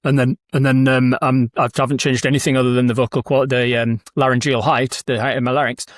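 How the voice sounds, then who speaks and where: A man talking as a guest dungeon master in a casual interview, animated, laughing often and breaking into quick demonstrations of voices. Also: mid-range voice, no room sound, clean studio sound. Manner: animated, explains with quick vocal demos and frequent laughs.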